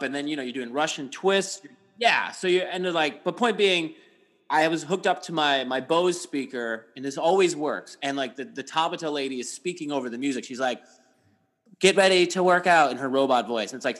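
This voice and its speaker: Animated, swearing middle-aged man. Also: a little high, a little fast. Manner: animated storyteller, swearing, acts out his outbursts. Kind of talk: casual chat.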